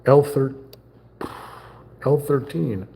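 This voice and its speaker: Here he talks extremely slowly in a warm, gravelly, mid-range voice with a breathy edge. He keeps up the jokey live-stream chatter, muttering to himself as he assembles his model.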